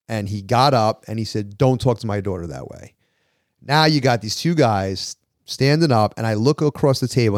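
A man, co-hosting a podcast and telling a story in an animated way, acting out the people he quotes. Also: medium pitch, no echo, studio quality. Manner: animated, acts out quoted voices. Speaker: podcast co-host. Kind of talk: casual storytelling.

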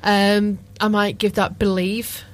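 A woman's voice: medium pitch, little pitch movement, takes it slowly. Chatty woman radio presenter. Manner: chatty, self-deprecating, stumbling restarts. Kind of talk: casual radio chat.

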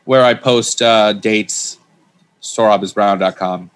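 A man who is a comedian guest, chatting casually on a podcast and telling stories in an animated way. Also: fairly low pitch, takes it slowly, smooth. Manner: animated storyteller, laughs as he talks.

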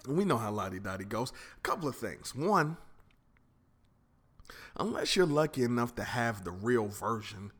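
A man's voice: mid-range voice, animated, normal speed, pauses often, a bit bright, breathy edge. A man hosting a music countdown, talking casually and conversationally as he explains a track. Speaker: host. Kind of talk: casual commentary.

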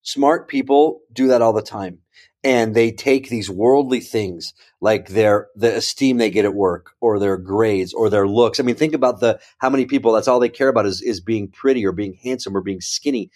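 A man's voice: lowish voice, normal speed. A man, a speaker and professor, telling a story in a conversational interview, often checking in with the listener. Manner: animated, checks in with "right?" and "okay?".

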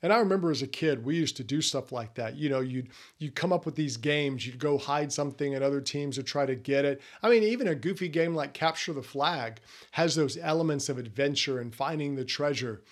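A middle-aged man speaks in an earnest, personal way, giving a faith-based talk to men. His voice sits a little high for a man, and he addresses the listener directly as he makes each point. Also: fairly quick, hardly any pauses.

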